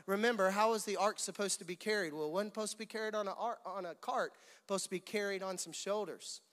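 Male pastor, high voice, animated storytelling preacher, long hall reverb. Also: quick pace. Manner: animated storytelling, calls on the audience to repeat words. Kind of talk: sermon.

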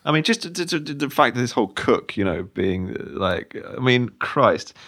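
A man's voice: medium pitch, big pitch swings, moderate pace, fairly bright tone, faint music behind. A man co-hosting a podcast, chatting in a sardonic way, swearing and laughing. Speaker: podcast co-host. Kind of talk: casual chat.

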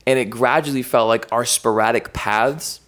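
A man speaking as a podcast guest, talking in an energetic, rambling, casual way full of slang. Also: medium pitch, moderate pace. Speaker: podcast guest, content creator and worship artist.

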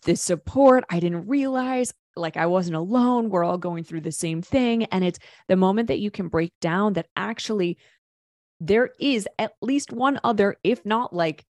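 A woman speaks as a podcast guest in a loose, open, chatty way, sprinkling in casual fillers. Her voice sits a little low. The sound is dry and close, with no room around it. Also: darkish tone, no echo. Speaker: podcast guest, wellness coach. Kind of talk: casual interview chat.

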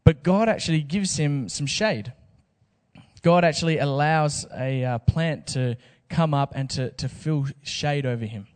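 A man's voice: a little high, a little slow, a little mellow, smooth, long reverb tail. A man preaching a sermon in a casual, joking way with slang asides. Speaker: pastor.

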